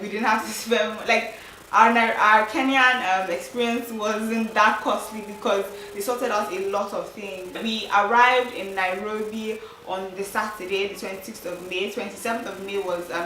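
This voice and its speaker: A young travel vlogger chats casually to the camera about her trip, her mid-range voice fairly bright and full of "like" and "um." The recording sounds roomy, with a distant mic, faint ambience and slight background noise.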